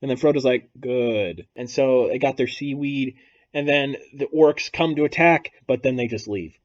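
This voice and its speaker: A man hosting a podcast, telling a long, improvised story in a rambling, deadpan way over casual chat. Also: mid-range voice, normal speed, dull audio. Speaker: podcast host.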